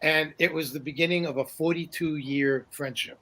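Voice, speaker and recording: A man's voice: a little high, fairly even intonation, normal speed, bright, forceful tone. An older man who is a guest in a casual interview, telling rambling stories full of fillers and restarts and chuckling often. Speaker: guest, paranormal journalist.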